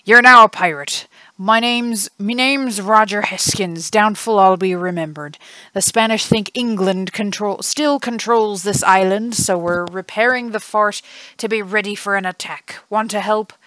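A woman voicing a gruff male pirate recruiter in a put-on pirate accent, loud and hearty, in a video game let's play. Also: medium pitch, measured pace, dry recording.

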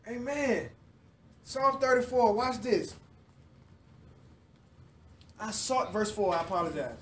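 A man's voice: very high voice, animated, measured pace, pauses often, far from the mic, slight background noise. A man teaching the Bible to a live group in a fervent sermon, repeating lines and drawing the listeners into call-and-response.

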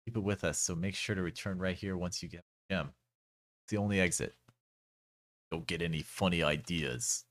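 Brief: a bossy, threatening thug guard from a fantasy game, deep and gruff, a bit louder and higher than usual as a man reads him aloud. The voice sits close and dry. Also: steady tone, moderate pace, dry recording.

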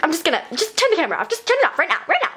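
A woman's voice: extremely high pitch, big pitch swings, racing, pushed and bright, full character voice. A woman voicing a vain, ditzy female fashion doll, rambling in breathless valley-girl chatter in a hyper improvised vlog. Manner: rambling and scatterbrained. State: breathless from talking fast. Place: bedroom at night.

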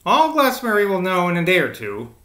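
A man's voice: high voice, huge pitch swings, fairly quick, bright, forceful tone, reverberant, pitched above the performer's own voice, heavily acted. A man voicing a shy, flustered young schoolteacher woman in a storybook reading, speaking hesitantly.

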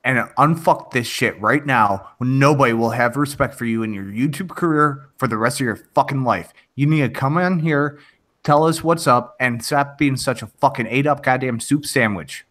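A man putting on the voice of a furious male military drill sergeant, chewing someone out with rapid-fire profanity. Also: medium pitch, fairly bright tone, close to an everyday voice. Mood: yelling.

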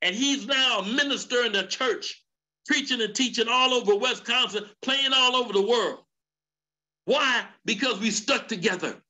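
A middle-aged man, an elder preaching to a men's church gathering in a fervent cadence that climbs into shouts. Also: very high-pitched, moderate pace. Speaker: elder teaching a men's session. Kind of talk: sermon.

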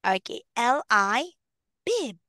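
Woman English teacher for a small child, patient and cheery; slow, bright and crisp, dry sound. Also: fairly high pitch, sing-song, no room sound. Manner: patient, encouraging, spells letters slowly, laughs often. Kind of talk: phonics lesson with a young child.

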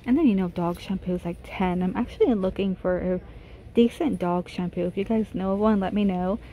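A woman's voice: medium pitch, brisk, warm tone, slight background noise. Chatty woman gushing over store finds. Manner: chatty, gushing over cute finds, reading prices aloud. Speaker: vlogger. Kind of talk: casual shop-with-me walkthrough. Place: inside a large retail store.

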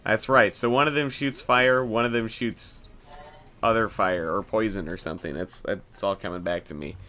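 A man's voice: lowish voice, fairly even intonation, sharp tone. A young man casually commenting on his own gameplay, cursing, joking and mocking himself, with bursts of mock panic. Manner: jokey, profane, self-mocking, quick bursts of panic. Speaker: gaming video host. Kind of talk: casual let's play commentary.

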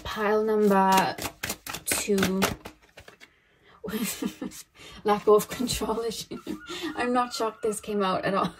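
A woman's voice: medium pitch, slow pace, long pauses, slight background noise. A young woman giving a casual, rambling tarot reading to camera, laughing often and acting out little quoted voices. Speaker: tarot reader.

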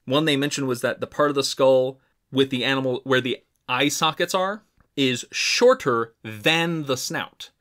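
A man co-hosting a science podcast, explaining fossil research in a relaxed, chatty way with some restarts. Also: medium pitch, unhurried. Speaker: podcast co-host. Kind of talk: casual science podcast chat.

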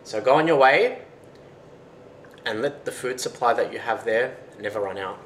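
A man's voice: medium pitch, lively intonation, normal speed, fairly bright tone, lightly acted. Man playing a solemn fairy woman. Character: mysterious female fairy or goddess granting blessings. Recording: roomy with faint noise.

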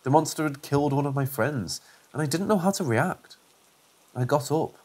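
A man narrating a first-person horror story in a steady, measured reading voice. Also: on the high side.

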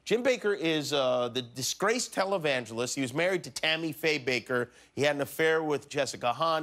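Sarcastic late-night host, high-pitched. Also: male voice, a bit bright. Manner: sarcastic joke delivery. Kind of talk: comedic monologue. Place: studio with live audience.

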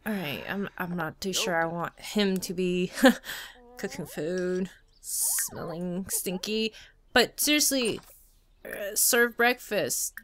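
A woman's voice: fairly low pitch, sing-song, slow pace, a bit bright, slight background noise. A young woman giving casual gameplay commentary, chatty, talking to and scolding the game characters as she plays. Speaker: let's play host.

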